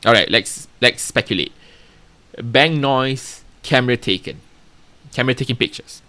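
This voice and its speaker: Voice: medium pitch, moderate pace, pushed and bright. A streamer casually commenting while playing a story game, thinking aloud and joking about their own voices.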